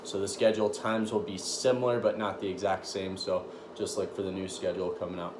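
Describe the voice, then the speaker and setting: Laid-back low-voiced male coach. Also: fairly quick. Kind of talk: casual gym announcement. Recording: echoey room with steady noise.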